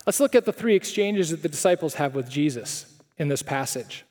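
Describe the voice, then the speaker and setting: A male pastor preaches a sermon in a conversational way, often asking rhetorical questions. His voice sits a little high for a man. Long reverb from the chapel hall follows his words. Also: animated, brisk, a little mellow.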